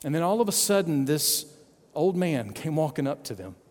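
A man with a fairly high voice tells a story to his congregation, playful and animated. He keeps checking in with his listeners as he goes. His voice trails off into a long, echoing reverb. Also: normal speed. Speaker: preacher telling a Bible story. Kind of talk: children's sermon storytelling.

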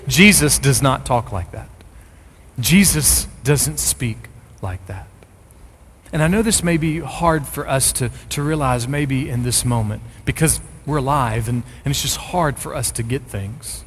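A middle-aged man preaching a sermon as a pastor, speaking with rising, forceful emphasis on key phrases. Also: fairly high pitch, a little slow, in a large hall.

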